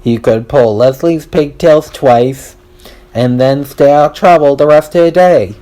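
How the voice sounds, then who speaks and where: A man reading a children's storybook aloud, telling it in a slow, deliberate way. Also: on the high side, mellow. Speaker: audiobook reader.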